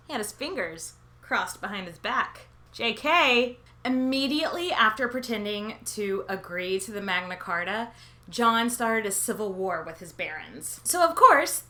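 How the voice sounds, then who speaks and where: A woman's voice: on the high side, sharp tone. A woman hosting a history podcast, telling a comedic scripted monologue with sarcastic asides, swearing and silly quoted voices. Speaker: podcast host.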